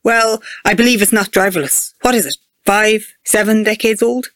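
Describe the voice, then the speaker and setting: A reader voices a stern male robot traffic cop who speaks in clipped, bureaucratic lines with a questioning mood. The mid-range voice is pitched above the performer's own yet stays close to an everyday voice, with fairly even intonation, normal speed, and a fairly bright tone. The recording is clean studio sound with no room sound.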